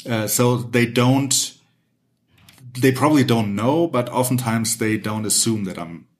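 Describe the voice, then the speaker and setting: A man from Germany hosting a casual chat, relaxed and hesitant with many fillers. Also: mid-range voice, unhurried. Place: Mexico.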